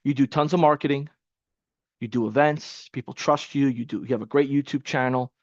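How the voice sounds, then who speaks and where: A man coaching an online class in a casual, energetic, motivational way, repeating himself for emphasis. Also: mid-range voice, brisk, no echo, lo-fi sound. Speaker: webinar coach. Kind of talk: live online training.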